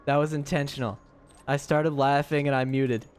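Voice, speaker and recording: Chatting live with his stream viewers, a man rambles and giggles, sometimes erupting in high laughing shrieks. His voice is clear and resonant, with fairly even intonation at a normal speed.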